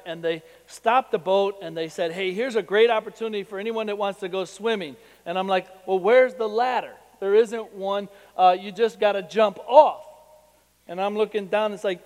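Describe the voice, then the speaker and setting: A man preaching a sermon to his congregation. He asks them rhetorical questions and tells a personal story that builds in excitement. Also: sits high, long reverb tail. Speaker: pastor.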